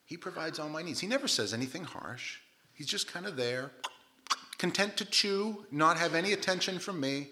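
Guy preaching, jokey storytelling, pitch jumps all over, bright ringing voice. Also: normal speed. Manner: lively storytelling with comic asides and voiced quotes. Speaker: pastor. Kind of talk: sermon.

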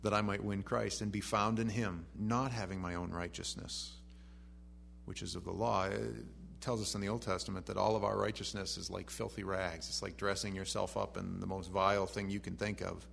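A man preaching a sermon. He reads scripture softly and then rises to animated emphasis. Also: sits low, normal speed, gravelly, slight background noise.

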